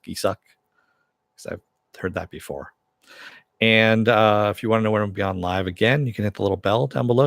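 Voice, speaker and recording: A man's voice: lowish voice, vocal fry, no echo, studio quality. A man hosting a casual live stream, reading viewer comments aloud and rambling with a self-deprecating chuckle.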